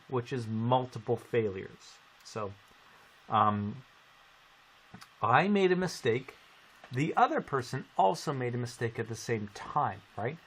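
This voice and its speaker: A man from Canada casually telling a story on a live stream, animated and swearing. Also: medium pitch. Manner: animated, swearing storyteller who acts out quotes.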